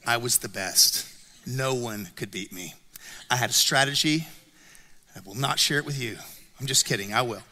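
A middle-aged male pastor giving a sermon, telling stories with lively self-mocking humor. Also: mid-range voice, moderate pace, pauses often. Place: church auditorium. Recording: long reverb of a church hall.

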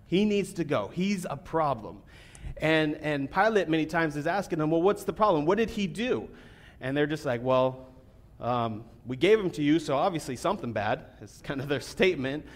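A man giving a sermon as a pastor, talking casually with fillers and restarts, then reading scripture more quietly. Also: a little high, lively intonation, moderate pace. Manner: conversational preaching with fillers, reads scripture quietly.

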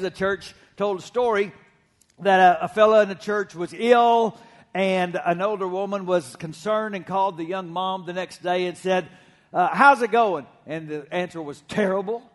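A man's voice: sits high, normal speed. A middle-aged man preaching a sermon to his congregation, telling stories with conversational humor. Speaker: pastor. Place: church sanctuary.

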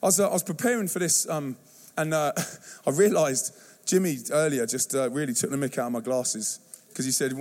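A man preaching a youth-focused sermon in a church, telling stories and acting out voices with animated energy. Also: mid-range voice, brisk. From England. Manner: animated storytelling, acts out youth slang and voices. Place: church hall.

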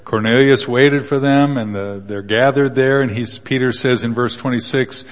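A man's voice: medium pitch, fairly even intonation, normal speed, hardly any pauses. A man preaching a sermon in a casual, joking way, retelling Bible passages with little acted quotes. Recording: long hall reverb.

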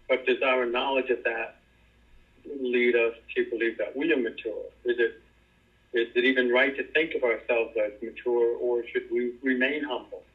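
A man in a Bible study group who reads scripture aloud and asks thoughtful questions. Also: mid-range voice. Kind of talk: reading scripture and asking questions. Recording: tinny phone line.

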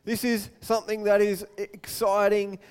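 A male pastor preaching a sermon in a chatty, animated way with light self-deprecating humour and quick asides. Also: sits high, clean tone.

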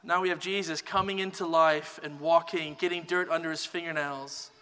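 A man preaching a sermon as pastor, in a relaxed conversational teaching manner. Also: on the high side, moderate pace, long reverb tail. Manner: relaxed conversational teaching, many "kind of" hedges.

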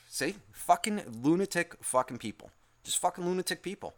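A man telling a work story in a casual, profane rant, swinging from muttering to near-yelling in exasperation. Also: sits high, expressive, unhurried.

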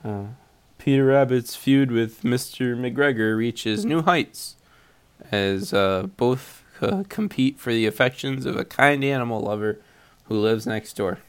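A man's voice: medium pitch, unhurried, clear, resonant tone. A man co-hosting a casual movie chat, sarcastic and giggly, often laughing mid-sentence. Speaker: podcast co-host reviewing movies.

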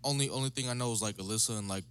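A man co-hosting a podcast in casual chat, easygoing, with quick affirmations, trailing off softly. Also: lowish voice. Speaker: podcast co-host.

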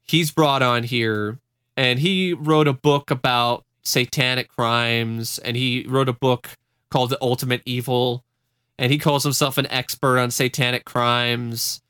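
A man's voice: medium pitch, steady tone, a little slow, fairly bright tone, smooth, no echo, studio quality. A man hosting a casual podcast, telling a story in a wry, rambling way with frequent laughs. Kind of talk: casual chat.

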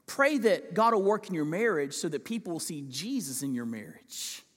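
A man preaching a sermon as pastor, impassioned, swinging from loud pleading to hushed asides. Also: on the high side, big pitch swings, moderate pace, big-room sound. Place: large church sanctuary.

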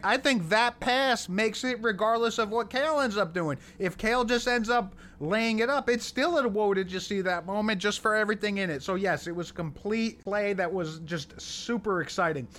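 A man's voice: sits high, moderate pace, few pauses, bright, forceful tone. A man co-hosting a sports podcast, bantering and teasing his partner with enthusiasm. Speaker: podcast co-host. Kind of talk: casual sports podcast chat.

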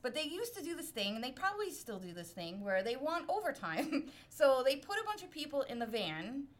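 A high-voiced, middle-aged woman from Brooklyn, New York, speaks a little fast while telling a story in a casual podcast chat as a guest. She laughs often and comes across as animated and self-mocking.

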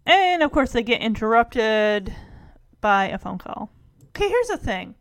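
A woman's voice: fairly high pitch, sing-song, a little slow. Rambling woman recapping a sitcom episode. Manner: rambling, self-correcting, many asides. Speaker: show recap host.

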